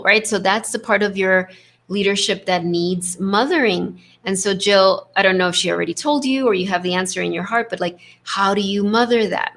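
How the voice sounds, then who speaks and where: A woman hosting a spiritual leadership coaching talk, speaking in a gentle, affirming way with a constant "right?" tag and acting out inner voices. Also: medium pitch. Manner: acts out inner voices with shifts in tone.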